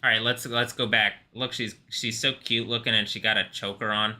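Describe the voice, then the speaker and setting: Man with a very bright, sharp voice. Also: fairly low pitch, steady tone, a little fast. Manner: rambling, laughs often, swears freely. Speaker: live stream host. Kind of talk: casual reaction stream commentary.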